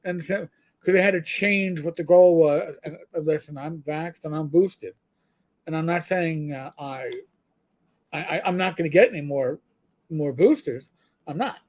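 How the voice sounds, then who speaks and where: A man's voice: fairly high pitch, normal speed. A middle-aged man co-hosting a live show, chatting casually in a rambling way, full of stammered restarts. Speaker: co-host.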